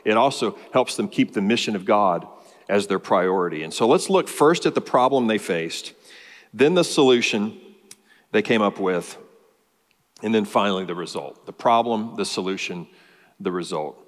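A man's voice: on the low side, expressive, normal speed. Man preaching in a reverberant hall. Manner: expository preaching, rising emphatic lists. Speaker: pastor. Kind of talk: sermon.

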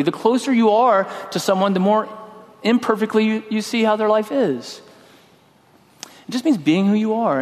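A middle-aged pastor delivers a sermon in a slightly high voice, chatty and storytelling rather than formal. His words ring out with a long reverb from a large hall. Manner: conversational, storytelling, acts out his own yelling.

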